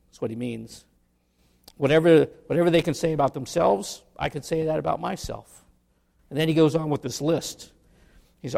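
A pastor preaching a sermon to his congregation, his voice a little higher than most men's and noticeably gravelly. He moves between earnest teaching and playful, humorous asides. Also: moderate pace, pauses often, warm tone.

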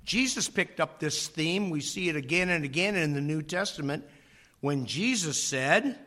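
A man preaching a sermon, slow and dramatic, dropping to a near whisper on key phrases and acting out voices in his stories. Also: on the high side, lively intonation, pushed and bright. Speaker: pastor.

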